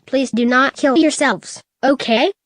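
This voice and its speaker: A woman voicing a grieving middle-aged mother in a storybook reading, speaking slowly and earnestly. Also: high voice, no echo, studio quality.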